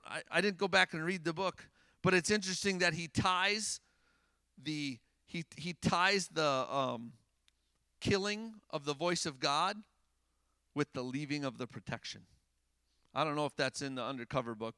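A man preaching a sermon in a casual, animated way, rising to loud emphasis and dropping to hushed tones. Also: sits high, no room sound.

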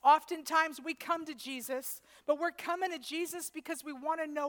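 A woman preaching a sermon, rising from soft, intimate passages to loud, shouting peaks. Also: high voice, fairly even intonation, moderate pace. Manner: preaches in rising waves, building to shouts then dropping soft.

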